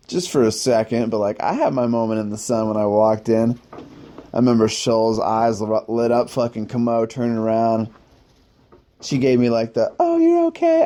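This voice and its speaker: A man tells a personal story in a loose, rambling way, his speech packed with swearing and filler words. His voice is mellow and dark, and he sometimes laughs at himself. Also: medium pitch. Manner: rambling, profane, heavy use of "like". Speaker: podcast host telling war stories.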